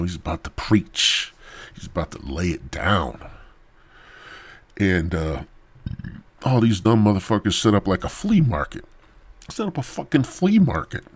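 A man with a fairly low voice hosts a podcast, talking into his mic. He rambles through a profane comedy rant, telling his story in a crude, mock-serious way. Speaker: podcast host.

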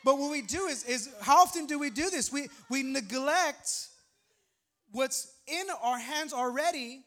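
Male pastor in his thirties, very high voice, chatty sermon with jokes and bursts of emphasis. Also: measured pace, sharp tone. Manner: conversational, humorous preaching with rising emphatic outbursts.

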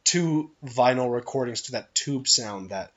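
A man's voice: mid-range voice, a little slow, highs cut off. Rambling young man, podcast co-host. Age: 20s. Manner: rambling, many restarts, animated storytelling. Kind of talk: casual chat.

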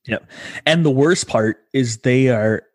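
A man's voice: medium pitch, takes it slowly, darkish tone, dry recording, clean studio sound. A young man co-hosting a casual podcast chat, joking crudely and swearing a lot. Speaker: podcast co-host.

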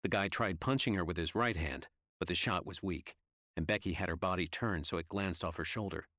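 A man narrating an audiobook in a steady, measured reading style. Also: low voice, no room sound, studio quality. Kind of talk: scripted narration.

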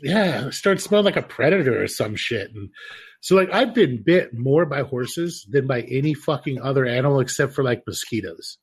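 A man telling profane, animated stories in casual podcast chat. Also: mid-range voice, moderate pace, husky. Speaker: podcast co-host.

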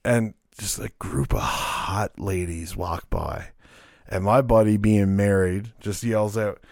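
A man with a fairly low, slow voice and some vocal fry co-hosts a watch-along show, chatting casually. He's an animated storyteller, joking and swearing freely. The studio recording is clean with no echo.

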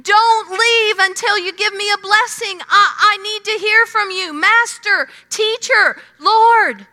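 A woman preacher voicing a desperate blind man who pleads loudly for help. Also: extremely high pitch, very slow, pitched above the performer's own voice, heavily acted. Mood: pleading. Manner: pleading, loud, raised voice. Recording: long hall reverb.

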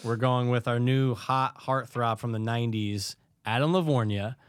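Mid-pitched man bantering on a podcast. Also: steady tone, normal speed, clear, resonant tone. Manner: banter-heavy, says dude and bro, swears. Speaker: podcast co-host. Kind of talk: casual chat.

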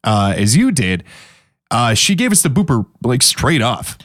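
A man co-hosting a podcast in relaxed chat, his pitch rising and falling in an animated way. He curses easily and laughs often. The sound is close and dry, with no room around it. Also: unhurried, no room sound. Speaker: podcast co-host. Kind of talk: casual chat.

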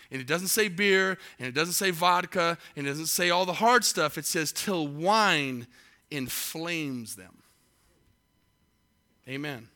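A man's voice: a little high, bright, forceful tone. A middle-aged male pastor preaching a sermon, asking the congregation rhetorical questions and building in intensity.

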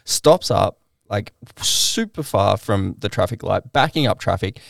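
Gravelly Australian man telling a story. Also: fairly low pitch, unhurried, dry recording, clean studio sound. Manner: animated anecdote-telling, mimics people he quotes. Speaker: podcast co-host. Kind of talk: casual storytelling chat.

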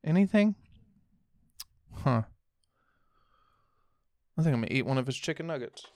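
A man's voice: medium pitch, lively intonation, moderate pace, a little mellow, dry recording. Young man, podcast co-host, blunt and joking, dry close sound. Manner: blunt, joking, swears casually. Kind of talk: casual chat.

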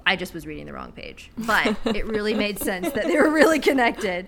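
A woman's voice: mid-range voice, sing-song, brisk, gravelly, fairly bright tone. A woman co-hosting a casual chat, rambling with many fillers and casual swearing, reading a book passage aloud. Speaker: podcast co-host.

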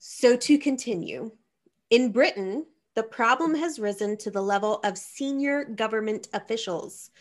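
A woman hosting a casual comedic show, reading news items with dry, wry asides. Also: mid-range voice. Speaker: host.

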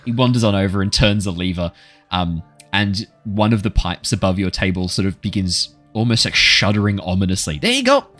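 A man's voice: low voice, steady tone, brisk, a bit bright, soft background music. A man, the dungeon master of a tabletop game, narrating vividly and laughing often.

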